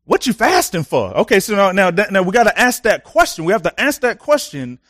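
A young man gives a sermon in a loose, chatty way, full of asides and personal stories. His voice sits a little high and turns animated as he talks. The sound is dry and close. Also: a little fast, no room sound. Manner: conversational, many fillers and personal stories; animated, laughs often. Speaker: preacher.

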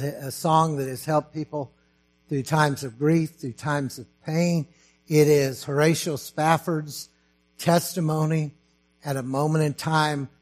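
A man preaching a sermon at a deliberate, unhurried pace, his voice sitting a bit high for a man. He speaks slowly and with emphasis, building to fervent, raised passages. A low electrical hum runs underneath the recording. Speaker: pastor.

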